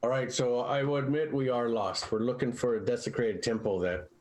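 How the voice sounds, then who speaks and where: A man's voice: medium pitch, steady tone, a little fast, darkish tone, low-quality recording. A man playing in a tabletop game, talking casually and hesitantly with many fillers. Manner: hesitant, full of uhs. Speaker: player.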